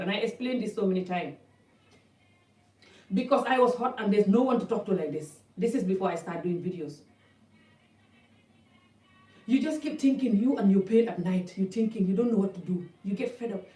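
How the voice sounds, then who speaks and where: A woman's voice: mid-range voice, darkish tone. Woman vlogger, blunt and impassioned, rambling talk to camera, set back from the mic. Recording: echoey room, mic at a distance.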